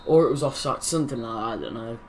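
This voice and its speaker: A man's voice: medium pitch, rapid-fire, slight background noise. A young man hosting his gaming channel, casually commenting over football game footage, rambling and correcting his own slips.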